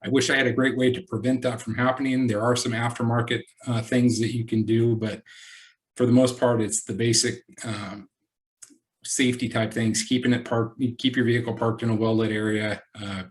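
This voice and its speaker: A man from the police giving a halting update with many fillers over a video call. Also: medium pitch, flat delivery, poor audio. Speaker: police representative. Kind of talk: community meeting update. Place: virtual meeting.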